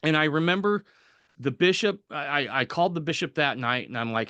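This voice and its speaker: A man's voice: on the high side, fairly quick, no echo, highs cut off. Man telling a story with self-deprecating laughs. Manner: animated anecdote-telling, acting out quoted voices, laughing at himself. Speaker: podcast guest telling a personal story. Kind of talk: casual storytelling.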